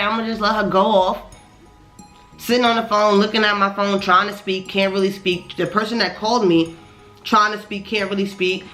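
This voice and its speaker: A woman with a bright, forceful voice tells a storytime to camera, slangy and full of swearing. She sounds annoyed and keeps asking "you know what I'm saying?" Faint music plays underneath. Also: mid-range voice. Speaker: vlogger telling a story. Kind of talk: casual storytime monologue.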